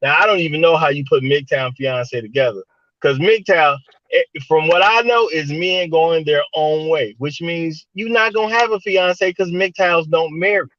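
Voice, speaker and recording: A man talks casually on an online panel, leaning on slang and returning to his point. His voice sits a little high. The audio is dry and dull, like a lo-fi call. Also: moderate pace, a bit bright, no room sound. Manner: conversational, repeats "my thing is", slang-heavy. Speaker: podcast co-host.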